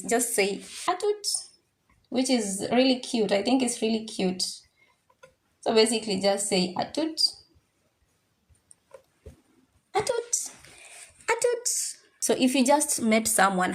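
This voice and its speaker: A woman teaching a French class, drilling pronunciations by slowly repeating each word. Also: a little high. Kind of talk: classroom language lesson. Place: classroom with students.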